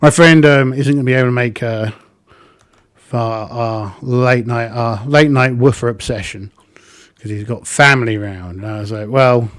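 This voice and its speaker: A man's voice: medium pitch, normal speed, fairly bright tone, dry recording. A man narrating his solo tabletop game, thinking aloud with plenty of ums.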